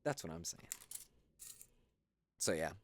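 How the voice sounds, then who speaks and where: This US streamer's voice sits low, expressive and unhurried, with no echo on the recording. They chat casually while building on a livestream, telling a rambling, profane story full of fillers.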